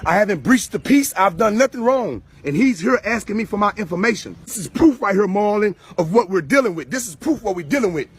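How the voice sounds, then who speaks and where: A man argues insistently, driving each point home with repeated tag questions. His voice is high for a man and noticeably husky. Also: animated, brisk, hardly any pauses. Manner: emphatic, repeats "you hear me". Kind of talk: confrontational monologue to camera.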